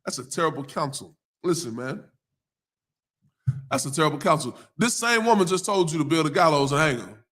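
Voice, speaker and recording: A man with a Southern US accent teaching scripture on a live stream, mixing casual slang and laughter with slow verse readings. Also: fairly high pitch, animated, a bit bright. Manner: casual street slang, laughs often, reads verses slowly.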